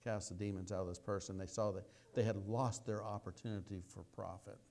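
A man preaching a sermon, telling a story in a folksy way, dropping to quiet asides and rising to loud exclamations. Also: on the low side, fairly even intonation, a little fast.

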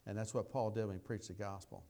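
A man preaching a sermon, telling a story in a folksy way, dropping to quiet asides and rising to loud exclamations. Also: on the low side, fairly even intonation, fast talker.

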